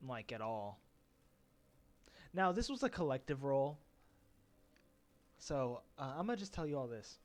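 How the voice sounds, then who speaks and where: A man's voice: medium pitch, big pitch swings, a little slow, pauses often. A man running a tabletop game as game master, casual and hesitant, with many fillers.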